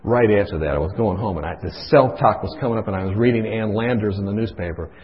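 A man preaching a sermon, impassioned, swinging from hushed storytelling to loud pleading, in a dull lo-fi recording. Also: on the low side, fast.

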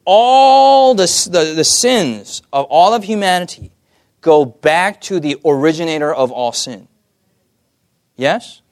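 Male preacher, slightly high voice, animated, calls for amens, dry close mic. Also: takes it slowly, dry recording. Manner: lively, asks the audience "amen?" often, jokey asides. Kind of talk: sermon.

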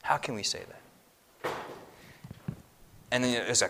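A man giving a lively religious teaching talk at a church seminar, acting out quoted voices and swinging his voice up and down for emphasis. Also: mid-range voice, a little slow, gravelly, slight background noise.

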